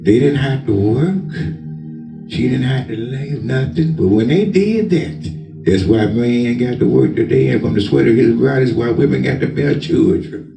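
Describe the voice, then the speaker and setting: Emphatic preacher man, lively pitch. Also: a little slow, creaky. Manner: emphatic, loud, commanding, says he talks with force. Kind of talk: sermon. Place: church. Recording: echoey church with organ music behind.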